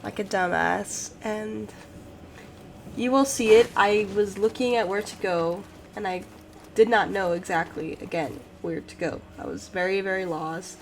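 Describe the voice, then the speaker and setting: A woman's voice: medium pitch, a little slow, vocal fry, a little hiss or hum, poor audio. A woman hosting a let's play, narrating her playthrough in rambling, self-deprecating casual commentary. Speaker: gaming channel host.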